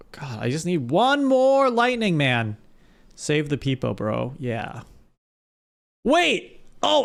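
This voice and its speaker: A young man chats with his viewers during a live game stream, rambling and restarting sentences. His voice sits a little high and swings widely in pitch. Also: clear, resonant tone. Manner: animated, talks straight to chat, rambling with restarts. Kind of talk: casual live-stream chat while gaming.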